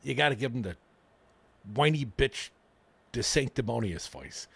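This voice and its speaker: A man's voice: medium pitch, lively intonation, measured pace, gravelly, breathy edge, dry recording. A male radio talk show host, bantering and reading news stories with sarcastic asides in a studio. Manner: wisecracking, reads news items aloud with sarcastic asides. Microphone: studio microphone.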